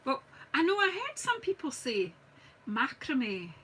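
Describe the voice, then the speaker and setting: A woman's voice: extremely high pitch, wildly swooping pitch, moderate pace, pushed and bright, poor audio. A middle-aged Scottish woman chatting casually as she demonstrates card making on a live stream, talking to viewers while she works and teasing herself. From Scotland. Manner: chatty, self-mocking, talks while working. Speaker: craft demonstrator. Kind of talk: live-streamed crafting chat.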